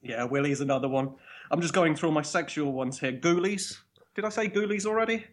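A man's voice: on the high side, fairly quick. A man with a Yorkshire accent, a guest on a podcast, chatting cheerfully and laughing often. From England. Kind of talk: casual podcast chat.

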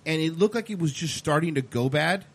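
A man's voice: on the high side, fairly quick, slightly rough. A man telling a story in casual chat, swearing freely and acting out what he said. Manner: animated, swears freely, quotes himself.

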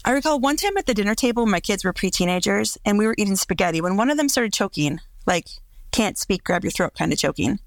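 A mother recounting a family mishap in a self-deprecating, measured way. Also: mid-range voice, expressive, no room sound. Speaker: mother telling a story. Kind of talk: casual personal storytelling.

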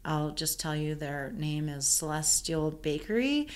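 Woman, caterer, casual chat, lower voice, animated storyteller. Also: unhurried. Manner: animated storyteller, many "like" fillers.

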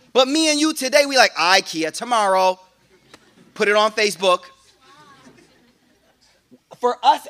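Man, Islamic teacher, high voice, bright tone, casual slangy preaching, lots of restarts. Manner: animated, playful preaching. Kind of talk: lively religious talk to a congregation.

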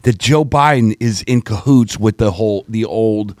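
A man's voice: lowish voice, moderate pace, a little mellow, no echo, studio quality. A man co-hosting a talk podcast, blunt and riled up, swearing freely and mimicking opponents. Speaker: co-host. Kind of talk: casual political talk.

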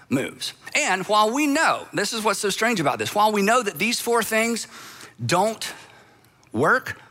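A man delivers a sermon in an easy, conversational way, leaning on emphasis and slipping into little acted-out quotes. His voice sits high for a man and has a bright, forward edge. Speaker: pastor.

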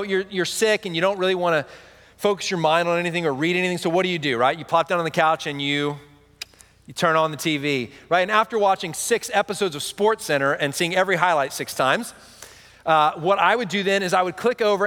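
A man's voice: sits high, a bit bright, big-room sound. A man in his thirties preaching a sermon, with a conversational delivery full of "right?" asides. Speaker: pastor.

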